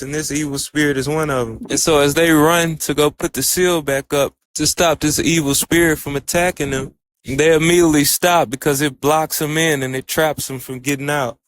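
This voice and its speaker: Speaking in a high-leaning, somewhat bright voice, a man loosely retells an anime episode as a reviewer, storytelling casually and repeating what the characters say as he goes.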